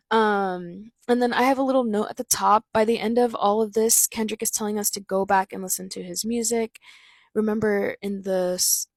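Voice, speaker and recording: A woman with a voice of middling pitch talks through lyrics in a casual, rambling way, dropping "like" and "um" as she goes. Her voice sits close and dry, with no room sound around it. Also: fairly even intonation, moderate pace, no room sound. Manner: chatty, loose, with frequent "like" and "um"; reads out quoted lines between her own explanations. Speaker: host breaking down rap lyrics. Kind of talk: casual commentary.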